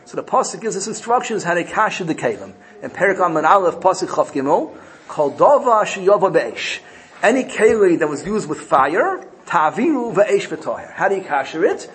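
A man teaching a Torah class, weaving Hebrew terms into his English and slowing down to quote each verse. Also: high voice, sing-song, fairly bright tone, poor audio.

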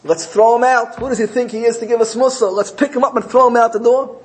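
A man's voice: very high-pitched, steady tone, fast, pitched above the performer's own voice. A man voicing an angry crowd of townsmen who jeer and threaten a preacher. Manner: jeering, loud.

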